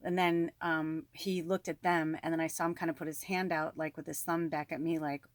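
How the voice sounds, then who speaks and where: Animated swearing woman, dry close sound. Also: low-pitched, a little fast, no echo. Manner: animated, swears freely, lots of fillers. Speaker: spiritual medium. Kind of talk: casual storytelling to viewers.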